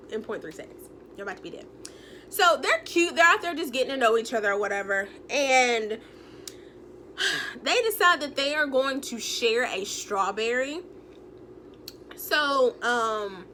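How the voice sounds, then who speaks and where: A woman vlogger giving a casual, animated and blunt recap of a reality show, with some swearing. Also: fairly high pitch, slight background noise.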